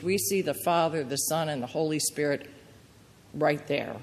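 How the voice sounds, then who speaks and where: A woman's voice: low voice, moderate pace. Woman preaching in a reverberant hall. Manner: earnest, gentle storytelling with quoted prayers. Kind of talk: sermon.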